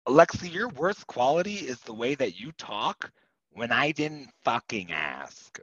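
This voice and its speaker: A man's voice: mid-range voice, very animated, unhurried, fairly bright tone, slightly rough, no echo, dull audio, heavily acted. A man playing a foul-mouthed spoiled wife. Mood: sneering. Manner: crude, sneering, swears constantly. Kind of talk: comedy sketch acting.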